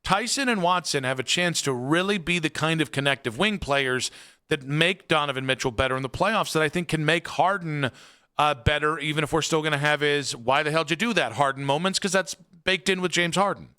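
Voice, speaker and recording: A sports radio host, a man with a bright, forceful voice set a little high, talks through his points in loose, rambling studio chat. He stacks fillers and restarts but keeps pressing his opinion. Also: brisk, clear, resonant tone. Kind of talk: casual sports talk.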